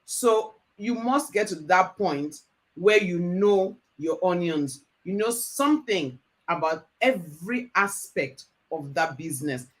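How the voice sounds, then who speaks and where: A woman's voice: on the low side, lively intonation, slow. A woman hosting a business talk show, emphatic and enthusiastic. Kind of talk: interview hosting.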